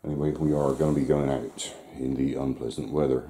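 A man's voice: a bass voice, steady tone, fairly quick, mellow, a little hiss or hum. Dry-witted man walking his dog. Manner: dry, wry remarks, often talking to his dog. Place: outdoors on a wet shore and woods.

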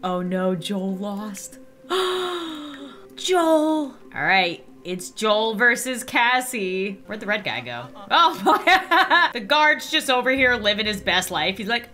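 A young woman giving excited game commentary, squealing and laughing as she reacts to the action. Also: fairly high pitch, slow. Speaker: gaming YouTuber. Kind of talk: excited Let's Play commentary.

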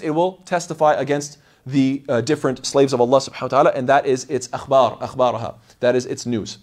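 A man giving an explanatory religious lecture as a Quran teacher, animated and acting out the voices he quotes. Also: medium pitch, very fast, few pauses.

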